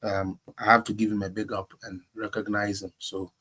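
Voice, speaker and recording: A man's voice: fairly low pitch, level tone, normal speed, breathy edge. Rambling Ghanaian man hosting a live stream. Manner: slips into Jamaican patois with shout-outs; rambling, code-switching. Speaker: political show host. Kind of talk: casual live-stream chat.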